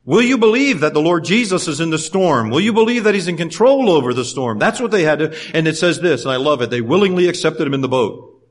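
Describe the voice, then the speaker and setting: A man preaching a sermon, animated, swinging from loud passages to hushed ones and acting out the quoted voices. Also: a little high, fast.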